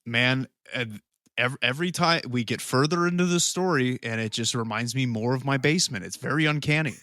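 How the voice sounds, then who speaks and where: A man's voice: mid-range voice, fairly quick, dry recording, studio quality. A man co-hosting a podcast, chatting casually and cracking jokes. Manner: joking, animated. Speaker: podcast co-host. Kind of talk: casual chat.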